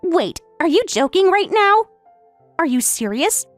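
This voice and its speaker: A woman voicing an entitled young daughter who is about to marry, speaking in a shrill, indignant way. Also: big pitch swings, a little slow, no echo, faint music behind, full character voice.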